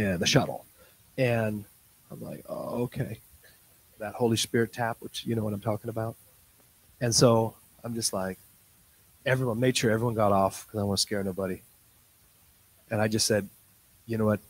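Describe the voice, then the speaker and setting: A man preaching a sermon, telling a story in acted-out dialogue and swinging from quiet asides to loud, excited bursts. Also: fairly low pitch, husky, rough recording. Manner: tells stories in quoted dialogue.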